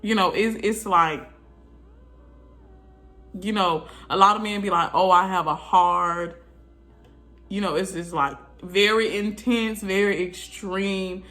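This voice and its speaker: A woman vlogger casually telling her birth story to viewers, animated and chatty, with frequent asides to the audience. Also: medium pitch, measured pace, faint music behind.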